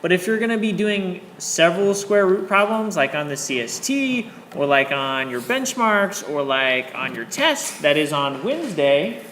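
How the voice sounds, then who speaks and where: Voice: medium pitch, lively intonation, unhurried, hardly any pauses, a bit bright. A math teacher giving a classroom lesson in an encouraging way, often checking in with students. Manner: encouraging, checks in with 'okay?' and 'all right'. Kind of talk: classroom lecture. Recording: echoey classroom, faint background noise.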